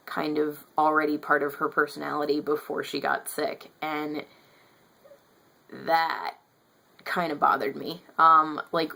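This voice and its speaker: A woman's voice: low voice, gravelly, a bit bright. A woman in her twenties giving a casual book review on her vlog, chatty and thinking aloud with lots of fillers. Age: 20s.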